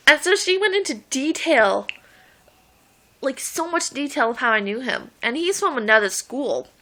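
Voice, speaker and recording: A woman's voice: high voice, big pitch swings, measured pace, long pauses, pushed and bright. A woman in her late teens telling stories in a rambling, giggly vlog, laughing often as she talks. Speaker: vlogger. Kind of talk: casual storytelling vlog.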